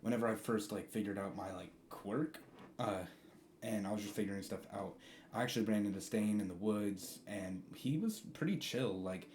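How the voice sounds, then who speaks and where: Man playing a chill young hero, slangy banter, lowish mellow voice, roomy echo. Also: normal speed, slight background noise, natural voice. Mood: laid-back. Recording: roomy sound with faint guitar.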